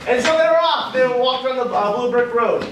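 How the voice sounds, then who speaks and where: A man's voice: very high-pitched, normal speed, background noise. A man improvising a comic story as narrator on stage, rambling and correcting himself as he goes. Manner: rambling, self-correcting, laughing at his own story. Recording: very echoey, distant live stage recording.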